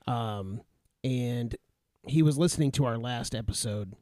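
A man's voice: medium pitch, a little slow, mellow, dry recording, clean studio sound. A man co-hosting a sports podcast who tells a story in a rambling way, with lots of fillers, restarts and laughter. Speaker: podcast co-host. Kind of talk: casual sports banter, storytelling.

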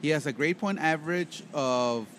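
A man with a slightly raised pitch hosts a loose podcast conversation and drifts between jokes and stories. His talk is rambling and playful. A faint hiss sits under his voice. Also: moderate pace, a bit bright. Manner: rambling, joking storyteller. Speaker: podcast co-host. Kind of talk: casual podcast chat.

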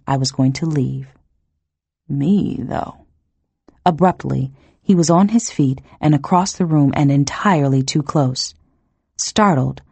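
A woman reading a novel aloud in the first person, narrating in a measured, tense storytelling manner on a close mic. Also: sits low, darkish tone, slightly rough, no echo. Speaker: audiobook narrator.

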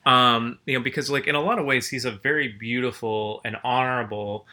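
A man's voice: mid-range voice, steady tone, fairly quick, bright, forceful tone. A man chatting casually as a podcast co-host, rambling through stories and often stopping to restart his sentences. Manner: rambling, self-interrupting storyteller. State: groggy after a nap. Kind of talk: casual chat.

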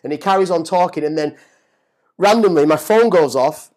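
A middle-aged man telling a story as a guest, animated and swearing, often repeating words as he gets excited. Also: a little high, moderate pace. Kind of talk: casual storytelling.

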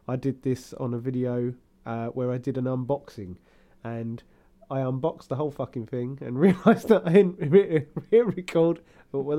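A man's voice: mid-range voice, warm tone. A man co-hosting a podcast in casual chat, rambling, laughing often and now and then slipping into camp put-on voices. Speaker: podcast co-host.

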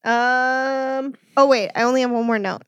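A woman in casual chat as a podcast co-host, telling stories in a relaxed, playful way. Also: sits high, moderate pace, smooth, dry recording.

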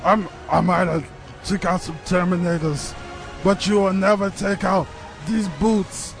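A man's voice: high voice, level tone, unhurried, gravelly, soft background music. A man doing a comic impression of a muscular action-movie star, in a clipped tough-guy delivery. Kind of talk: comedic improv skit.

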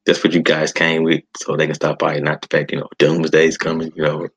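A man's voice: extremely low pitch, completely flat delivery, brisk, a bit bright, husky, poor audio. A man hosting a podcast, ranting in a casual, exasperated way with sighs and restarts. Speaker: podcast host. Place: home setup.

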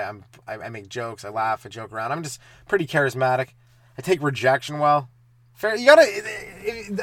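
A young man hosting a solo stand-up comedy podcast, talking in a loose, rambling, profane way with quick asides. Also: medium pitch, fairly bright tone, dry recording.

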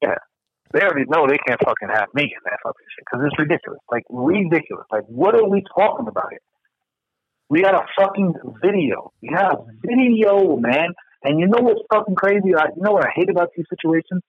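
A man's voice: fairly high pitch, lively intonation, a little fast, husky, no room sound, phone-quality sound. A man in casual podcast chat, ranting with heated, profane outrage.

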